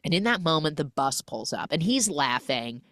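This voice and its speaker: A woman's voice: low voice, normal speed, no room sound, clean studio sound. A woman hosting a podcast, recapping a film in casual chat and acting out the characters as she goes. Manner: animated storytelling, acts out the characters. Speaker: podcast host.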